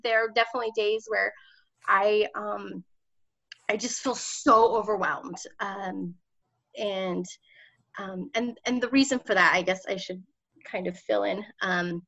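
A woman's voice: mid-range voice, fairly even intonation, measured pace, gravelly, a bit bright. A woman in her thirties, a political candidate telling her story in an interview, passionate and emotional, often laughing as she talks. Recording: slightly dull lo-fi audio.

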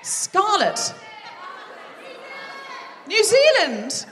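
A woman's voice: very high-pitched, wildly swooping pitch, very slow, fairly bright tone. Woman doing crowd work at a live comedy gig, playful teasing, echoey hall from a distance. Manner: playful, bantering with the audience. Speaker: comedy podcast host. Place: large theatre with a live audience. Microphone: stage microphone.

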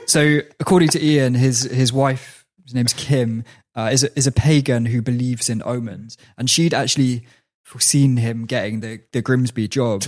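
A man hosting a podcast, telling sports stories in a relaxed, laughing chat with frequent restarts. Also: medium pitch, moderate pace. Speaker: podcast host. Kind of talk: casual chat, storytelling.

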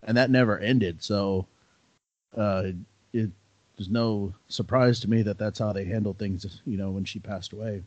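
A man in a casual podcast chat, telling stories in a relaxed, laid-back way. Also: on the low side, normal speed, no room sound. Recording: slightly dull, dry sound.

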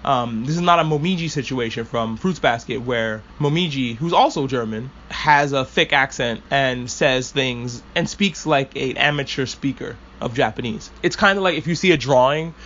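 A man's voice: mid-range voice, normal speed, few pauses, a bit bright, dull audio, a little hiss or hum. A man hosting a casual anime discussion podcast, rambling and swearing freely as an enthusiastic fan. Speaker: podcast host.

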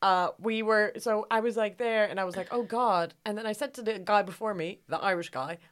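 A woman's voice: medium pitch, fairly even intonation, brisk, clear, resonant tone. A woman co-hosting a podcast, telling stories in casual, self-deprecating chat. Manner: chatty, storytelling, self-deprecating. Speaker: podcast co-host.

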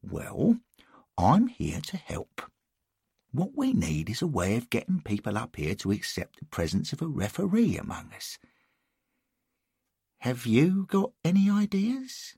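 A man's voice: medium pitch, wildly swooping pitch, a little slow, creaky, warm tone, slightly rough, dry recording, clean studio sound, pitched above the performer's own voice, full character voice. A man voicing an earnest, helpful man who guides a newcomer, in a raised, eager voice.

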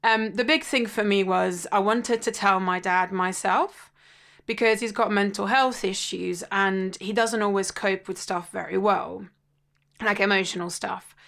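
Woman, mid-pitch, candid and animated storyteller with dry humour, casual podcast chat. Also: unhurried, gravelly. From Italy. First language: Italian. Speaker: podcast guest sharing a personal story.

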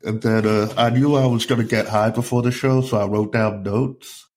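English male comic, casual and self-deprecating, low-pitched voice. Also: fairly even intonation, moderate pace, a little mellow. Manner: laid-back, self-deprecating. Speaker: stand-up comedian and podcast co-host. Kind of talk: casual comedy podcast chat.

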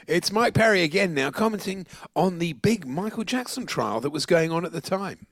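A man's voice: high-pitched, animated, moderate pace, fairly bright tone, dry recording. A man co-presenting radio, introducing clips and chuckling often. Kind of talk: casual chat introducing clips.

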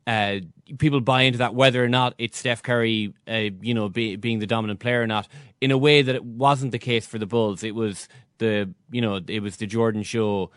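A man's voice: on the low side, fairly even intonation, normal speed, fairly bright tone, smooth, no room sound, clean studio sound. A man hosting a casual sports chat, talking in a conversational way with frequent hesitations. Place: Dublin.

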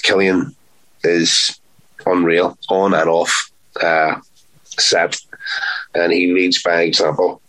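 A man's voice: low voice, little pitch movement, slow, pauses often, a bit bright, poor audio. A man, an actor, chatting in an interview, playful and talkative, repeating words for emphasis. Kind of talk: casual interview chat.

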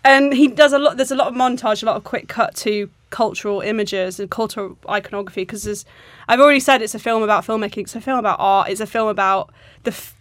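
A woman's voice: medium pitch, steady tone, fast talker, a bit bright, no room sound. A young woman co-hosting a film podcast, chatting casually and animatedly, laughing often and quoting lines in put-on voices.

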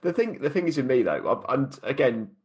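A man's voice: medium pitch, very animated, fairly quick, darkish tone, lo-fi sound. Thoughtful man hosting a podcast. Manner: thoughtful, talks openly about his anxiety. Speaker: podcast host. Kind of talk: casual interview chat.

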